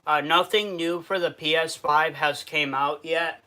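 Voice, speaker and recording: A man's voice: a little high, steady tone, unhurried, pushed and bright. A man from Western New York with a New York accent, hosting a casual food review livestream, reading viewer comments aloud and answering them, sad underneath.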